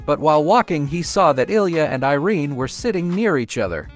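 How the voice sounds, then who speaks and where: A man's voice: on the high side, animated, normal speed, few pauses, faint music behind. Man narrating a comic story recap.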